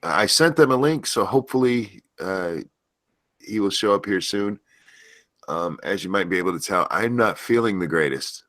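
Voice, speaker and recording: A man's voice: fairly low pitch, animated, moderate pace, fairly bright tone, no echo, studio quality. A man hosting a live stream in casual chat, stuffy and unwell, joking and swearing as he goes. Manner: joking, profane, easily sidetracked. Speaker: stream host.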